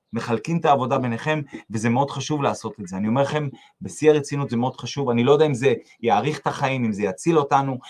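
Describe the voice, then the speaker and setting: A man giving earnest, emphatic advice in conversation. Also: mid-range voice.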